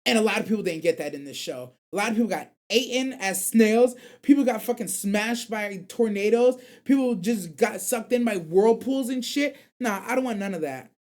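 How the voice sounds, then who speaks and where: A man's voice: high-pitched, normal speed, hardly any pauses, a little mellow. A young man hosting an anime call-in radio show, chatting casually and reading viewer comments in loose, slang-heavy rambles.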